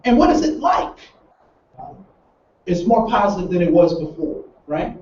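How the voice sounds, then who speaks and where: A man's voice: high voice, sing-song, unhurried, darkish tone. A man leading a training seminar, telling stories and asking his audience rhetorical questions. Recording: roomy, distant, dull sound.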